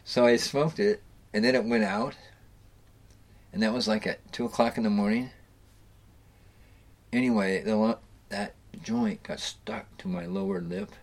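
A man's voice: on the low side, a little slow, creaky, pauses often. A middle-aged man casually telling rambling fishing stories, swearing freely and restarting his sentences. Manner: rambling, profane, with frequent restarts and chuckles. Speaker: storyteller recounting fishing trips. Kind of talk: casual spoken storytelling.

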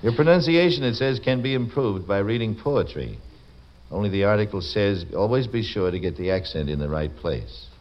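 A man's voice: fairly low pitch, lively intonation, normal speed. A man hosting a radio show, joking and teasing between sponsor plugs and letters he reads aloud. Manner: wry, teasing, quips after reading aloud. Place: radio studio. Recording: dull lo-fi old radio broadcast with faint hiss.

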